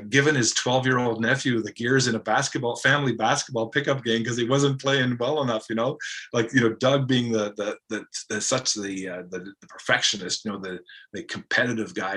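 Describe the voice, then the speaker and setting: A man with a bright, clear voice, speaking as an interview guest. He wanders through fond anecdotes with plenty of ums and restarts. He keeps an easy, conversational tone throughout. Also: mid-range voice. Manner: rambling, fond anecdotes with many fillers. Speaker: guest, former broadcaster. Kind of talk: casual interview chat.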